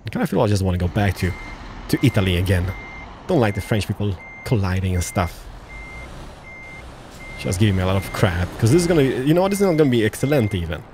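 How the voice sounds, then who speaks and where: A man's voice: lowish voice, very animated, quick pace, pauses often, background noise. A man giving casual, joking, exclamatory commentary while playing a truck driving game. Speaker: let's-play gamer.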